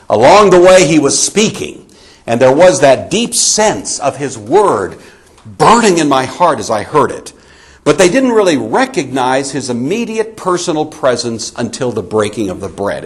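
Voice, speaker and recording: A man delivering a sermon-style Bible lecture. His pitch sits in the middle of the range but moves a great deal, rising and falling as he stresses points. He talks to the congregation conversationally and with emphasis. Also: sing-song, normal speed. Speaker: Bible teacher.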